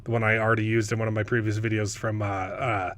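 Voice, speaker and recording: A man hosting a casual panel chat, animated and mocking, often stumbling over words and restarting. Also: on the low side, fast talker. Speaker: host.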